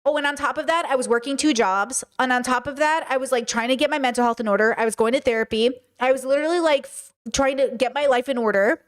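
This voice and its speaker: Animated, fairly high-voiced woman storyteller. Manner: animated, acts out quoted dialogue, swears freely. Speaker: podcast host. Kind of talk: casual storytelling monologue.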